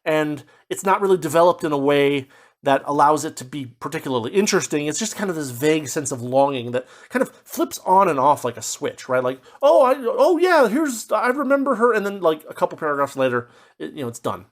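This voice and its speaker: A man giving a casual spoken book review, rambling with lots of fillers and restarts, now and then slipping into quick mock voices as he paraphrases. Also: fairly high pitch. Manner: puts on brief mock voices when paraphrasing.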